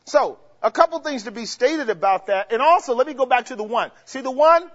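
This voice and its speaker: Male preacher with a very high voice, leads the crowd with call-and-answer questions, recorded dull and lo-fi in a hall with long echo. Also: lively intonation, brisk. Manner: asks the congregation questions and has them answer; explains grammar step by step, with emphatic rises. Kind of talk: sermon teaching.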